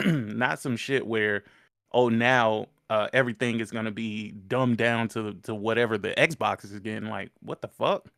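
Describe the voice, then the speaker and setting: A man's voice: lowish voice, fairly even intonation, measured pace, vocal fry, a bit bright, no room sound, clean studio sound. Blunt, slangy male co-host. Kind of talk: casual chat.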